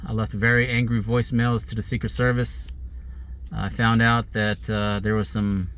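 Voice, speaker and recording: A man's voice: fairly low pitch, little pitch movement, moderate pace, a bit bright, slight background noise. A man sitting in his car, giving an angry, rambling monologue to the camera about grievances and threats. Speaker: vlogger.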